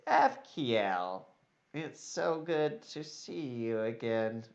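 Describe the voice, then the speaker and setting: A man voicing a sarcastic, weaselly male elf courtier who talks slowly with mock politeness, on a dull lo-fi recording. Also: on the low side, animated, a bit bright, exaggerated voice.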